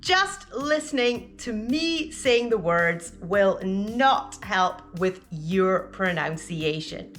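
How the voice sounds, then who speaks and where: Woman teacher going over pronunciation real slow, careful on every word, voice goes up and down a lot, soft music behind. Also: medium pitch, lively intonation. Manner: clear, careful enunciation of single words. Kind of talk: slow, deliberate teaching with pauses for repetition.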